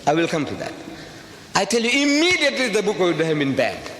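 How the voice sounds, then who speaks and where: A man's voice: sits high, sing-song, normal speed, sharp tone. Impassioned older man lecturing in a hall. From South Africa. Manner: impassioned, rhetorical, repeats phrases for emphasis. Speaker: public speaker. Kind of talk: lecture to a live audience. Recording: echoey hall with faint hiss.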